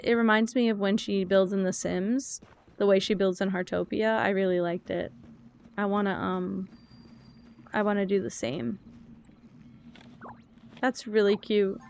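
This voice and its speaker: Woman streamer, casual and chatty, mid-pitch, wanders between topics while she plays. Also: steady tone, moderate pace, creaky, pauses often, a little hiss or hum. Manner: rambling, chatty, reads chat aloud. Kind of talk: casual gaming stream chat.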